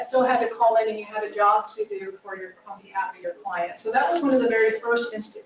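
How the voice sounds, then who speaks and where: A woman giving a phone-skills training presentation in an earnest way, with frequent "uh" and "um" fillers. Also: a little high. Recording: echoey room from far off, dull and faintly noisy.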